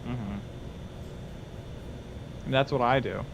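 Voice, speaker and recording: A man's voice: medium pitch, slow pace, creaky, lo-fi sound, background noise. A man co-hosting a casual painting stream, reading chat questions and joking, tripping over his words.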